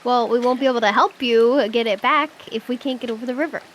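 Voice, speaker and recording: A woman's voice: a little high, quick pace, fairly bright tone, slight background noise. A woman playing in a tabletop game, offering brief, practical suggestions. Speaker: player. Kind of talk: casual chat.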